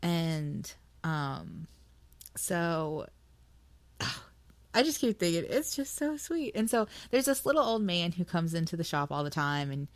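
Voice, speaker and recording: A woman with a lowish voice chats casually as a podcast co-host. She gets emotional, laughs a lot and swears freely. The sound is close and dry. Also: big pitch swings, a little slow, no echo. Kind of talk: casual book chat.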